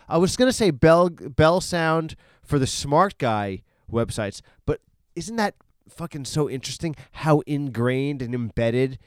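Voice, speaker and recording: A man's voice: fairly high pitch, smooth, dry recording, studio quality. A man hosting a casual solo podcast, rambling and swearing freely, full of fillers and self-corrections. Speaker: podcast host. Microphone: studio podcast microphone.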